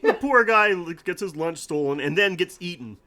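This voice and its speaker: A man's voice: high voice, animated, normal speed, pushed and bright. A man co-hosting a podcast, recapping a movie casually with laughs and swearing. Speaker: podcast co-host.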